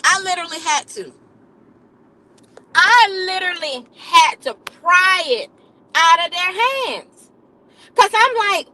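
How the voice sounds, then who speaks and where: A woman's voice: extremely high pitch, lively intonation, unhurried, long pauses, pushed and bright, rough recording. A woman live streamer, a nurse, telling a comic story to her chat in a dramatic, repetitive way, calling listeners baby and honey.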